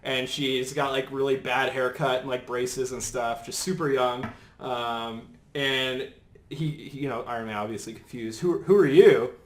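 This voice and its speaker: A man telling a long story-style pitch on a podcast, rambling and laughing, with lots of restarts and fillers, recorded in a studio set. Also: flat delivery, a little slow, a bit bright. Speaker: podcast co-host pitching a show idea. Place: studio set full of toys and collectibles. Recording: roomy echo.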